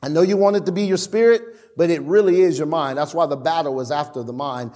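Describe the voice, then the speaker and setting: High-pitched preacher in a reverberant church. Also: male voice, fast talker. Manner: animated preaching with stammered restarts and acted-out quotes. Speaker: pastor. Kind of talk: sermon. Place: church sanctuary.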